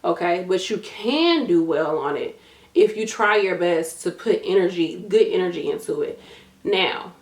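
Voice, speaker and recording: A woman's voice: lowish voice, lively intonation, a little slow, reverberant. A tired woman in a casual advice vlog, talking in a direct, matter-of-fact coaching way with casual slang and lots of repetition. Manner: casual, uses y'all and gonna, repeats herself for emphasis. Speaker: nursing YouTuber giving study advice.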